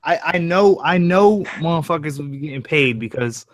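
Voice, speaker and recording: A man's voice: fairly high pitch, animated, moderate pace, no room sound. A young man, a fellow story narrator, chatting casually, slangy and profane, joking and trailing off. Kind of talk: casual chat.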